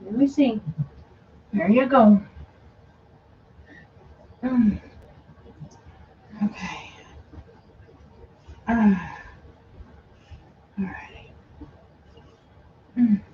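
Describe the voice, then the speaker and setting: Slow woman cooing to puppies. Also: on the high side, a little hiss or hum. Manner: soothing baby talk to puppies. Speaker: dog breeder filming a puppy watch. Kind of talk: casual talk to dogs and viewers. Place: home room with dogs. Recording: dull distant home recording.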